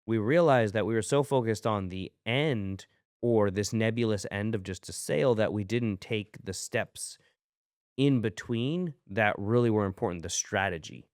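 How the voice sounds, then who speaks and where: A man's voice: fairly low pitch, normal speed, dry recording, studio quality. A man co-hosting a business podcast, talking casually and reflectively, coaching with rhetorical questions. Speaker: podcast co-host, clinic business owner.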